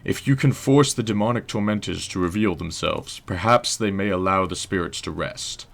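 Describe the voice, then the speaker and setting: A man voicing a stoic, gruff male historian, speaking formally in a mock British accent that drifts in and out. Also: sits low. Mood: grave. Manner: formal, measured, old-fashioned phrasing.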